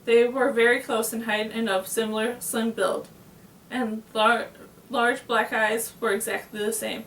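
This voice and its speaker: Woman, reading a novel aloud, fairly high voice, plain steady delivery, small slips, far from mic, echoey room. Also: a little slow, a little hiss or hum. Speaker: reader.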